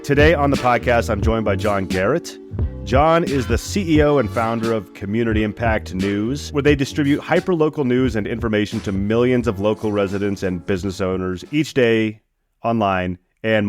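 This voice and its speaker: A man's voice: fairly low pitch, moderate pace, faint music behind. A man hosting a podcast about local news, friendly and easygoing. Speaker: podcast host.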